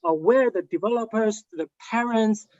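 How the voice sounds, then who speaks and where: A man with a fairly high voice speaks on an online panel discussion, stopping often to restart his sentences and filling the gaps with "uh" and "um". The sound is dull and dry, like a video call. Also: normal speed, a little mellow, dry recording. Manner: hesitant, many fillers and restarts.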